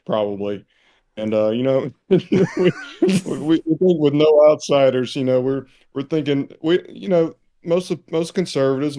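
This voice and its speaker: Relaxed, chuckling man from Mississippi. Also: medium pitch. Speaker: podcast co-host. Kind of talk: casual podcast chat.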